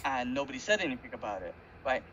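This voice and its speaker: A male podcast co-host chats animatedly about cartoons and laughs often in a casual conversation. He talks fast in a mid-range, slightly bright voice with big pitch swings, and the audio is a little dull with faint background noise.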